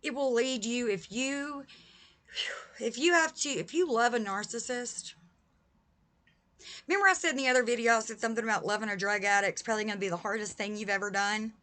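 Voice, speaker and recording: A woman with a voice pitched a little above the usual, speaking straight to her viewers in a vlog. She talks with emphatic, heated conviction and presses each point firmly. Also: a little fast, sharp tone. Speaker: vlogger. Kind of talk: direct-to-camera vlog talk.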